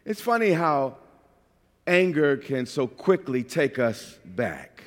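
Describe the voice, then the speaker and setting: A man from New York preaching a sermon as a pastor, animated and at times shouting. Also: mid-range voice, slow, big-room sound.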